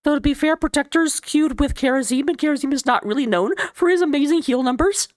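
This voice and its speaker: A woman casting an esports match in a chatty, giggly, rambling way, lounging low in her chair. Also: fast talker, darkish tone, no echo, clean studio sound. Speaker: esports caster. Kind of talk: casual esports commentary.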